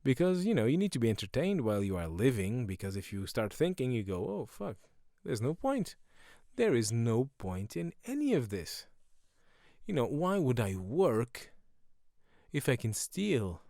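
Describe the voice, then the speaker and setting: A middle-aged man hosting a solo podcast, rambling sardonically and breaking into quick silly voices. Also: mid-range voice, big pitch swings, dark tone, no echo, clean studio sound. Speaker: podcast host.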